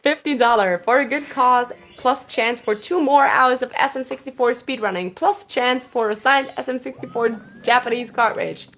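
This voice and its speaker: A woman with a slight lisp commentating a live speedrun stream from a booth, chatty and quick to laugh. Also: fairly high pitch, fairly bright tone, faint music behind. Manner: chatty, laughs often, restarts phrases.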